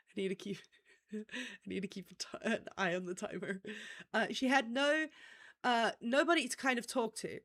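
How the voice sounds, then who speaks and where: A woman's voice: a little high, a bit bright. A woman hosting a livestream, telling a true-crime story in a casual, chatty way, often checking in with "okay?" and swearing offhandedly. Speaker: stream host.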